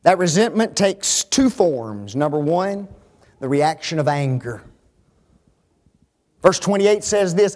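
A man preaching a sermon in a high, animated voice. He swings from hushed asides to shouted emphasis. He keeps pressing the congregation with rhetorical questions. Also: takes it slowly, pauses often.

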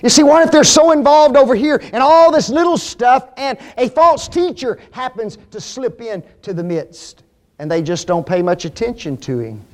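A man preaching a sermon, stressing key words slowly and asking the congregation questions. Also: extremely high pitch, lively intonation.

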